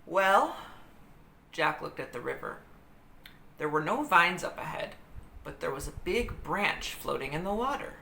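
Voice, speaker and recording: A woman reading a children's book aloud in an expressive, dramatic storytelling manner. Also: sits low, moderate pace, creaky. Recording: roomy echo with faint hiss.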